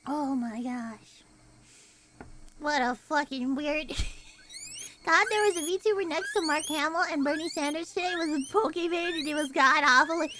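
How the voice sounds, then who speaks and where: Very high-voiced, profane woman streamer. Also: normal speed. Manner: profane, rambling, laughs often and loudly. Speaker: streamer and voice actor. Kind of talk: casual live-stream chat.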